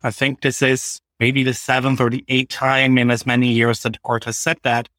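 A man co-hosting a podcast, explaining things in a measured way. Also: medium pitch, little pitch movement, a bit bright, no room sound, studio quality. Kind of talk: casual podcast chat.

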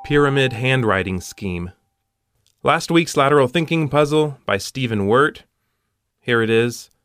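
A man's voice: medium pitch, animated, a little slow, fairly bright tone, no echo. A man hosting a puzzle show, walking through solutions step by step with dry punning asides.

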